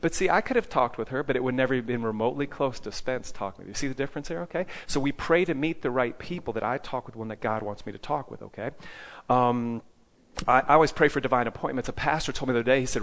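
A man's voice: medium pitch, fast talker. A man preaching to a live group in a mid-range voice. He checks in with his listeners after nearly every point, tacking on "okay?" and throwing questions back at them. He speaks as a teacher of evangelism.

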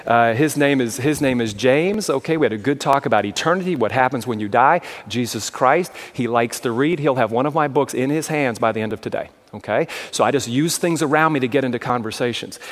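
A man's voice: mid-range voice, brisk, hardly any pauses. A man giving a sermon-style talk as a traveling evangelist, telling stories and often asking the crowd if they follow. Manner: storytelling with frequent asides and checks to the crowd.

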